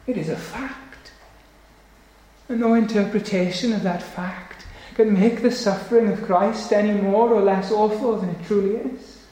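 A male preacher delivering a solemn, emphatic sermon, slowing down on key phrases. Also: sits high, steady tone, mellow. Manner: solemn, emphatic, slows for weight. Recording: very echoey church hall.

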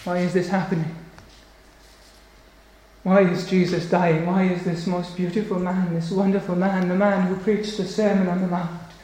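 A man's voice: sits high, flat delivery, darkish tone. Solemn preacher man in a very echoey hall. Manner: solemn, emphatic, slows for weight. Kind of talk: sermon.

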